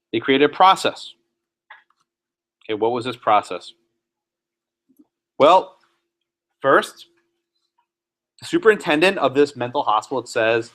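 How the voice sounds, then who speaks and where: A man, a law professor, giving a classroom lecture, animated and sometimes sarcastic, putting questions to students. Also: mid-range voice, a little slow, long pauses.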